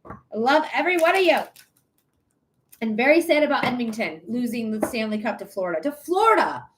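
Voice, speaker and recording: Young woman, high voice, live-stream psychic host, loose and profane, quick to laugh. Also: big pitch swings. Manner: chatty, swears freely, laughs often. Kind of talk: casual live-stream chat.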